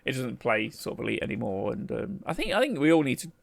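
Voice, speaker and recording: A man's voice: mid-range voice, very animated, fast talker, vocal fry, no echo. A man, co-hosting a casual chat podcast and rambling through stories with laughs. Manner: rambling, laughing, acts out quoted voices. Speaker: podcast co-host.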